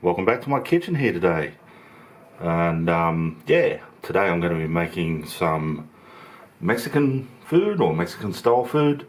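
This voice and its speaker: A man with a very deep, low voice gives a casual cooking demonstration in his home kitchen. He chats easily and talks through each step as he works. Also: very animated, measured pace. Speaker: home cooking channel host.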